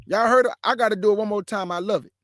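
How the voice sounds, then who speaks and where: A man's voice: high-pitched, rapid-fire, a bit bright, no echo. Brash stream host, a man, mocks and repeats himself, dry close mic. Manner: brash, mocking, repeats lines for emphasis. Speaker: host of a livestream show. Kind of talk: livestream commentary and preaching.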